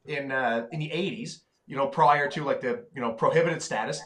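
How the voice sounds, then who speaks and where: A man's voice: medium pitch, a little fast, a bit bright. A man, ranting profanely as a podcast co-host in heated casual talk. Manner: profane, ranting, heavy swearing.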